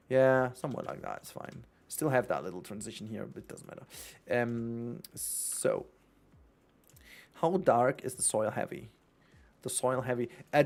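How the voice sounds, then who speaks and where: A man's voice: medium pitch, darkish tone. A man from Germany with a German accent, chatting casually and rambling on a gaming livestream, often correcting himself and laughing. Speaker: streamer.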